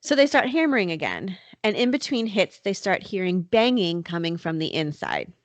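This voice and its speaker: Chatty lowish woman podcaster, dry sound. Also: very animated, normal speed, no room sound. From North Carolina. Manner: chatty, many fillers like "like" and "you know". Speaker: podcast host. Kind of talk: casual true-crime storytelling.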